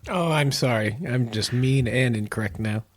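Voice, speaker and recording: Male podcast co-host, mid pitch, dry close mic, teasing banter. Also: normal speed, no room sound. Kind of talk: casual chat.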